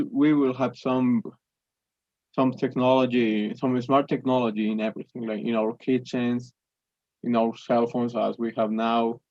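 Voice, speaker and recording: A man's voice: medium pitch, no echo, lo-fi sound. Hesitant Spanish-speaking young man. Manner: hesitant, many restarts and fillers. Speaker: English student. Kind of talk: conversation practice.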